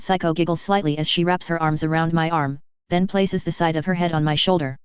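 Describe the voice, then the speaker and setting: A woman narrating a first-person fan fiction story in a steady, even reading. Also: sits low, brisk, few pauses, smooth, no echo. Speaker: story reader. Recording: dull lo-fi audio.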